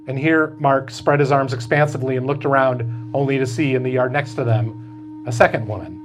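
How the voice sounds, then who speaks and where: A man, the author, reading aloud from his novel at a bookstore event in slow, measured storytelling. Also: medium pitch, fairly even intonation, soft background music, poor audio.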